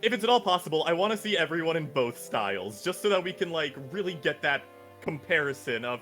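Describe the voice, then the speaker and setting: A man, a voice actor, chatting on a game stream with animated, wry commentary. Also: on the high side, fairly quick, soft background music. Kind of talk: casual chat.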